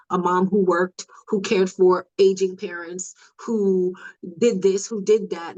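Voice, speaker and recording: A woman's voice: on the low side, muffled recording. Earnest woman sharing candid reflections. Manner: earnest and reflective, getting animated at points. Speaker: podcast guest. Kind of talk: candid conversational chat.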